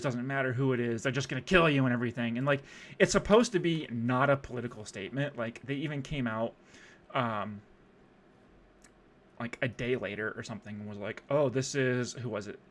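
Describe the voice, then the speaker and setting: A man's voice: medium pitch, a little fast, a bit bright. A young man streaming, rambling through casual profane commentary on a music video with lots of fillers.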